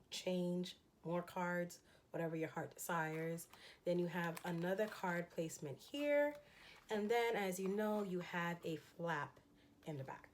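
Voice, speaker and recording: A woman with a slightly low-pitched voice chats eagerly through a shopping haul. She rambles casually, filling pauses with ums and small laughs. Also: a little hiss or hum. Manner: chatty and enthusiastic, frequent ums and laughs. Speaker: fashion haul vlogger. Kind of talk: casual haul chat showing items.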